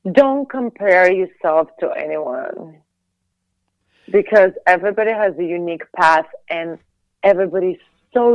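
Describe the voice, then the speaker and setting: Quick-talking woman from Latvia, dull audio. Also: lowish voice, no echo. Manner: quick, searching speech with restarts and fillers. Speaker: guest, singer and actress. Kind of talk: casual interview talk.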